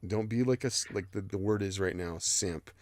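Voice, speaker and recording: A man's voice: on the low side, normal speed, no room sound. A man hosting a casual livestream, rambling loosely through the chat and cursing freely. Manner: rambling, loose and profane, reads chat aloud. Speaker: livestream host.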